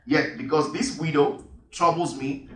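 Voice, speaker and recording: A man's voice: fairly high pitch, fairly even intonation, a little slow. A man preaching a sermon and reading Bible verses, emphatic and repeating key phrases. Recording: echoey hall, voice from far off.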